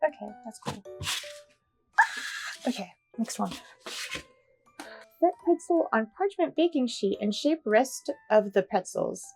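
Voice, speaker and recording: A young woman talks through her home baking in a casual vlog with a fairly high voice. She is excitable, gasping and swearing, and repeats herself over and over. Soft music plays faintly behind her. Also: slow, gravelly, long pauses. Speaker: baking vlogger.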